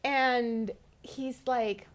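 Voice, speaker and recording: A woman in her thirties co-hosting a podcast, telling a story in a casual, animated way and acting out the dialogue. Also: fairly high pitch, very slow, a little hiss or hum. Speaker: podcast co-host. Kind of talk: casual conversation.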